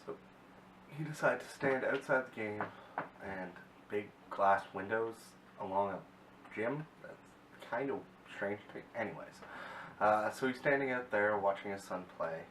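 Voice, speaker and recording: Reviewing a TV episode, this man rambles casually and keeps correcting himself, speaking on the low side and a little slowly. He's recorded from a distance in an echoey room with a set-back mic and faint hiss.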